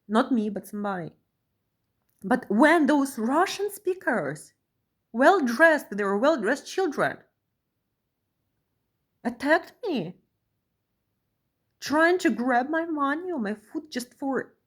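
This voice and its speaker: A woman talking to camera in an emotional vlog monologue, tagging her phrases with a questioning "yeah?" and swinging between pressing outbursts and quiet, low stretches. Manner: keeps adding a questioning "yeah?" after phrases. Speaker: vlogger.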